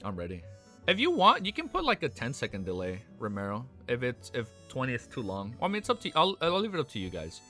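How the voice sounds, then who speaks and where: Bright-voiced excitable young man streaming. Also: mid-range voice, fast. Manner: excitable, breaks off reading to react. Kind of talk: reading a novel aloud on a live stream. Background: faint background music.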